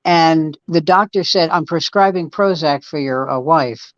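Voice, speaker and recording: A middle-aged man telling stories with wry, deadpan punchlines in a casual chat among comedians. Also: fairly high pitch, a little slow, no echo. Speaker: comedian guest. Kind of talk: casual chat, joke storytelling. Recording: dull dry lo-fi sound.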